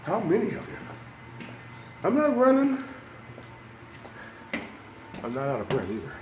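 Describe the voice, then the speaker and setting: An older man films a motivational fitness vlog while climbing stairs, a bit winded yet upbeat, coaxing viewers directly. His high-pitched voice swings hugely in pitch at a slightly slow pace, with faint music behind.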